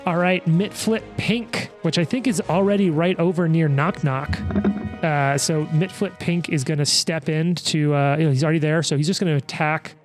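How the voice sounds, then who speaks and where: A man's voice: a little high, steady tone, soft background music. Man calling dice rolls like an auctioneer. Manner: rapid auctioneer-like play-by-play. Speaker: game master. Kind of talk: narrating a tabletop game.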